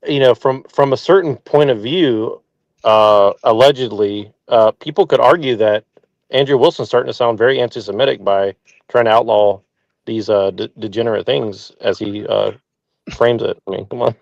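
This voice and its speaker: A man's voice: medium pitch, moderate pace, vocal fry, no echo. A man co-hosting a podcast in casual chat, sarcastic, often stammering and restarting his sentences. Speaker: podcast co-host. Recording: dull lo-fi mic.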